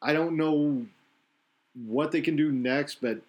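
A man's voice: a little high, slow, darkish tone. Rambling man talking wrestling. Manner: rambling, self-correcting analysis. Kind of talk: casual wrestling chat.

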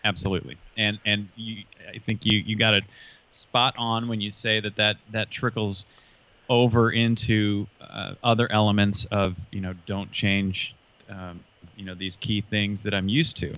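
Low-voiced man with a dull, lo-fi sound. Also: flat delivery, measured pace, fairly bright tone. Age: 40s. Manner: dryly sarcastic, lots of fillers. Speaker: podcast co-host. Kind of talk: casual discussion.

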